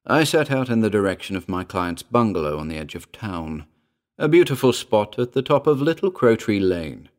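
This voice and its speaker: A man narrating a scripted spooky tale in a measured, wry, theatrical way. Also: fairly low pitch.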